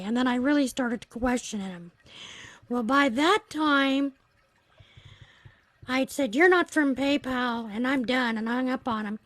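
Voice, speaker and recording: Woman, livestream host, casual storytelling, earnest and reflective, slightly high voice, dry close sound. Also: dry recording, poor audio.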